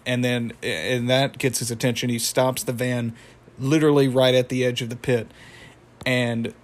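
A young man talks through a cartoon plot in a loose, rambling way, stopping to correct himself and chuckle. His voice stays flat, with little rise or fall, at a middle pitch. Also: normal speed. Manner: rambling, self-correcting, chuckles, acts out quotes. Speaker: cartoon episode recapper. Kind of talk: casual retelling with impressions.

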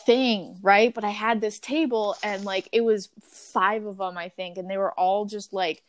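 A woman in her twenties talking in a casual, animated chat about restaurant work, full of fillers and casual swearing. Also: medium pitch, measured pace. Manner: animated storytelling with frequent fillers. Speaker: podcast host.

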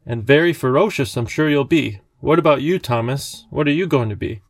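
A man voicing a cheerful, eccentric little old gentleman with a courtly, genial way of talking. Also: medium pitch, lively intonation, a little fast, dry recording.

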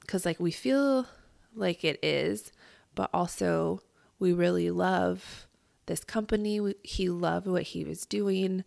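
Woman, heavy gravelly fry, dry close sound, morning voice, reflective podcast chat. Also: on the low side, no echo. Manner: reflective, halting with fillers. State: morning voice, a bit husky. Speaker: podcast co-host.

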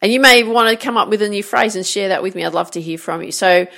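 A woman with a gravelly, creaky edge to her voice talks on a motivational podcast. She coaches earnestly and warmly encouraging, circling back to the same phrases to drive them home. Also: medium pitch, fast. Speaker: podcast host and golf coach.

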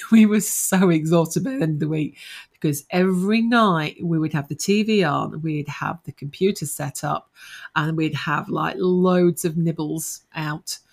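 Podcast co-host: middle-aged woman, low, gravelly voice, casual and self-mocking. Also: a little slow. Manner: laughing, self-deprecating storyteller. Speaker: podcast co-host, ghost hunter.

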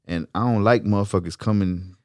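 A man's voice: lowish voice, brisk, crowd noise. A man with a Houston accent talking bluntly and profanely as a rapper being interviewed. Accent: Houston, Texas. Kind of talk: casual interview chat.

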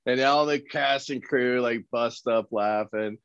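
A man from Colorado, an actor guest on an interview podcast, telling lively anecdotes and acting out the people in them. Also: medium pitch, measured pace, gravelly, smooth, no room sound. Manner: animated storyteller who acts out quoted people. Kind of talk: casual interview storytelling. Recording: slightly dull, dry recording.

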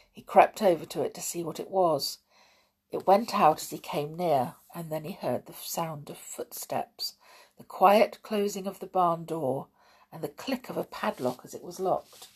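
A woman narrating a children's storybook in a soft, measured way. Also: fairly low pitch, slightly rough. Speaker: audiobook narrator.

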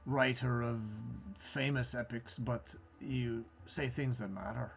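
A man voicing a haunted male warrior, talking in an earnest, halting way. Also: mid-range voice, fairly even intonation, gravelly, dull audio, faint music behind. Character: Ruthos, a haunted male warrior hunting his brother.

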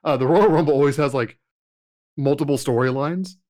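A man co-hosting a podcast, chatting in a relaxed, agreeable way and retelling moments with quoted lines. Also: on the high side, brisk. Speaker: podcast co-host. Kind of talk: casual wrestling review chat.

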